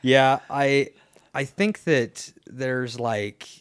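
A young man co-hosting a podcast, chatting casually in a rambling, halting way with lots of fillers and restarts. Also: mid-range voice, clear, resonant tone, no echo, studio quality. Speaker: podcast co-host. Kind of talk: casual chat.

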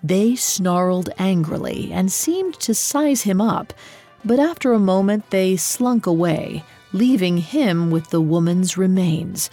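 A woman tells an old legend in a slow, measured storybook narration. Her voice is dark, mellow and slightly husky. Soft music plays quietly behind her. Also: lowish voice.

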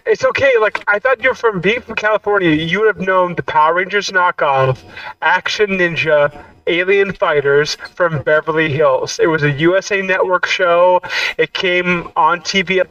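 A high, bright-voiced man bragging and swearing through casual banter, his pitch swinging all over the place. He sits well back from the mic, and the recording is dull and lo-fi. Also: sing-song, normal speed. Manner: boastful, loud, laughs often, swears a lot. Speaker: guest. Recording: distant, dull lo-fi podcast audio.

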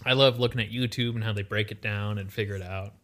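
A young podcast co-host with a lowish voice talks at a quick pace in a relaxed chat. He tells his stories vividly, impersonating the people he quotes.

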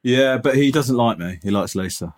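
A man's voice: medium pitch, lively intonation, normal speed. A man in casual podcast chat, dry and incredulous, teasing his friend. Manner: dry, incredulous, self-deprecating.

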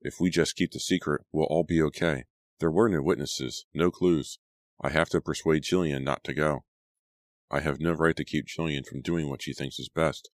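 Very deep-voiced male audiobook narrator. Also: steady tone, normal speed, dry recording, clean studio sound.

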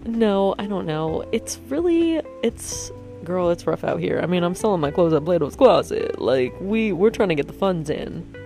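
A young woman from the US East Coast chats in a loose, rambling vlog style, often breaking off mid-thought and laughing at her own jokes. Her voice sits on the lower side, and faint music plays underneath. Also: expressive, dark tone. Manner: rambling, self-interrupting, jokey, quick laughs. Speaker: vlogger. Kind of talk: casual chatty vlog.

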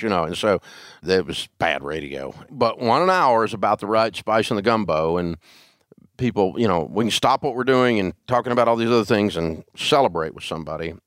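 An older man hosts a radio show and talks in a casual interview, folksy and emphatic as he tells stories. His voice sits low but swings widely in pitch. It is recorded close and dry. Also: no room sound. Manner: animated storyteller, folksy, emphatic. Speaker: radio host.

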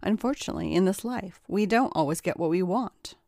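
A woman voicing a cautious, earnest woman lawyer who speaks in a measured, polite way. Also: lowish voice, lively intonation, gravelly, a little mellow, no echo, clean studio sound.

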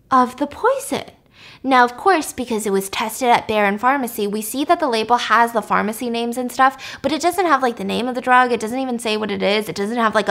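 A woman's voice: on the high side, a bit bright. A woman casually retelling a story, acting out the characters' lines in shifting voices. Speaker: podcast host.

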